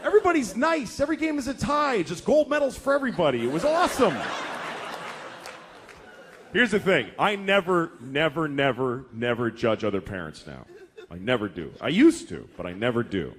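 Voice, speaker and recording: A man's voice: fairly high pitch, very animated, normal speed, a faint crowd. A man in his forties doing stand-up comedy, telling stories in a profane, exasperated way.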